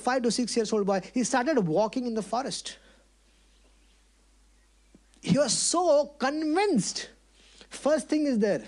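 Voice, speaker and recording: High-voiced male preacher telling scripture. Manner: animated, acts out characters, asks audience rhetorical questions. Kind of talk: scriptural storytelling lecture.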